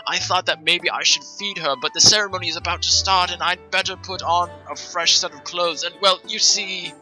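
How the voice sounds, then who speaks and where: A man's voice: high-pitched, fairly even intonation, brisk, pushed and bright, faint music behind, voice pushed up. A man reading a polite, fretting student.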